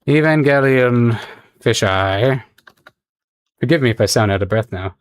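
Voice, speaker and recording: A man's voice: medium pitch, measured pace, clean tone, dry recording. A man chatting casually with his viewers on a livestream while he draws, rambling and laughing often. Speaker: streamer.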